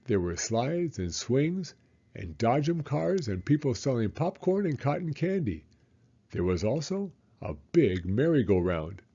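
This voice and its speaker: A man reading a children's story aloud, with a lively, swooping delivery. His voice is husky and mellow, and the recording sounds slightly dull. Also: medium pitch, measured pace. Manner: expressive, dramatic.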